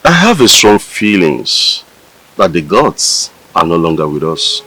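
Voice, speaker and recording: A fretful village chief, slow and husky but bright, swings up and down a lot. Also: male voice, sits low, big pitch swings, dry recording, heavily acted, poor audio. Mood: grave. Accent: Nigerian. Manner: exclaiming, anxious, dramatic. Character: worried village elder, a titled chief. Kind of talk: Nigerian film drama.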